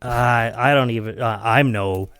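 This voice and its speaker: A man's voice: mid-range voice, unhurried, fairly bright tone, clean tone, no echo. A man hosting a podcast in casual chat, rambling with many fillers and frequent laughter. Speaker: podcast host.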